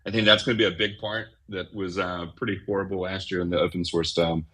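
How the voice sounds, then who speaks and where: Deep-voiced guy, bright punchy tone, upbeat guest on a chat show. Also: little pitch movement, fast talker. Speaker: guest, event organizer. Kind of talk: casual live audio chat.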